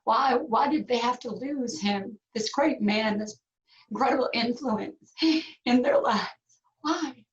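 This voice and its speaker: A woman guest in an interview, speaking heartfelt and reflective, with pauses and fillers. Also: on the high side, lo-fi sound. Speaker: actress guest. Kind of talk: interview conversation.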